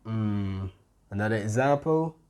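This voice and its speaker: Slow, mellow-voiced male tutor. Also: on the low side, lively intonation, smooth. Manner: slow, patient, with frequent "mm-hmm" fillers. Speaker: Spanish tutor. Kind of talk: grammar lesson explanation.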